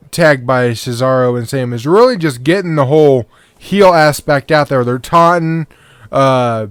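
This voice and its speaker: Male podcast host, drowsy and laid-back; slow, rambling delivery with a smooth, clear voice. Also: mid-range voice, dry recording. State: sleepy. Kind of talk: casual match breakdown commentary.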